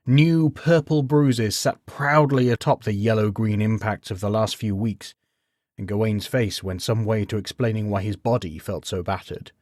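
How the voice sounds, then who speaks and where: A male storyteller with a lowish voice, reading a bedtime tale with measured pacing and wry humor. The sound is dry and close, with no room around it. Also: steady tone, darkish tone, no echo.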